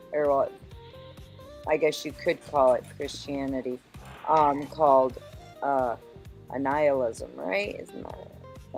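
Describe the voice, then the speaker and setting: A woman speaks slowly in a casual discussion, her voice very low for a woman. She searches for words and is quick to laugh off her own uncertainty. Faint music plays behind her. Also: darkish tone. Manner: unsure and searching for words, self-deprecating. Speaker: discussion participant.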